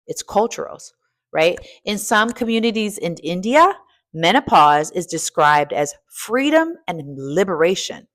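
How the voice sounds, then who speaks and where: A middle-aged American woman coaching and hosting, talking in an energetic, preachy and casual way, dropping in "y'all" and swinging from soft asides to loud exclaiming. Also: fairly low pitch, measured pace. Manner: casual colloquial speech with "y'all" and "ain't". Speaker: coach and podcast host. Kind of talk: energetic motivational talk.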